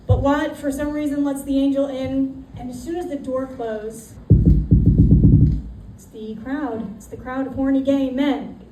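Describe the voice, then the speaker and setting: A woman's voice: sits high, little pitch movement, a little slow. A woman performing a stand-up comedy routine, brashly telling a story and acting out the voices in it. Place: comedy club stage with audience. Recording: roomy, distant, noisy club audio.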